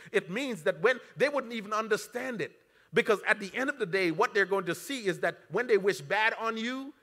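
A man preaching a sermon as pastor, his voice swinging between loud, pointed lines and hushed, intimate ones. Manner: preaching with dramatic swings in pitch and loudness. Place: church sanctuary. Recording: long church reverb.

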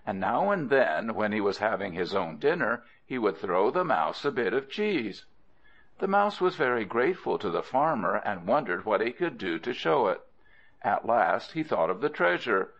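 A man narrating folk tales for an audiobook, expressive and adding playful asides to the listener. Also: lowish voice, vocal fry. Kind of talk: storybook narration. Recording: dull lo-fi audio.

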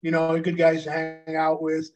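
A man's voice: on the high side, completely flat delivery, normal speed, over music, rough recording. A man in his fifties from the United States, co-hosting a casual chat and reminiscing in a rambling way with many fillers. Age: 50s. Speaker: co-host, former pro wrestler.

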